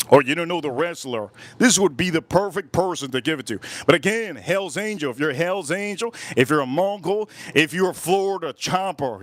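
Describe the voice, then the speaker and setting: A man's voice: a little high, dry recording. A man reviewing a fragrance in a casual, rambling monologue, repeating himself and pressing his points hard. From United States. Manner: rambling, repetitive, emphatic; restarts often.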